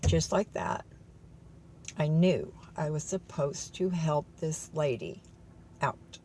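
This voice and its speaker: A woman's voice: low voice, slow, mellow, slight background noise. A woman telling viewers a story in an earnest, tearful way, calling them y'all. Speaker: vlogger.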